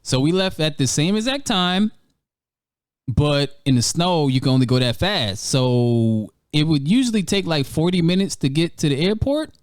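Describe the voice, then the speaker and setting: Man, gaming host, casual storytime, profane, lively swinging pitch, dry sound. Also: normal speed, no echo. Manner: animated, profane, laughing often. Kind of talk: casual storytime over gameplay.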